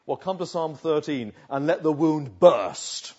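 A man preaching a sermon, swinging from loud urging to hushed, slow pleading. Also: fairly high pitch, lively intonation. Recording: dull lo-fi recording.

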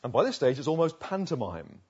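A man preaching a sermon through a Bible passage, wry and conversational, often dropping into quiet asides. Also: mid-range voice, big pitch swings, fairly quick, slightly rough, highs cut off. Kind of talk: expository sermon.

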